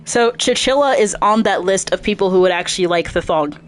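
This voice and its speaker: A woman casually talking her way through a video game stream, chatty and thinking aloud as she plays. Her pitch sits in the middle, and a faint background hiss runs underneath. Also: a little fast.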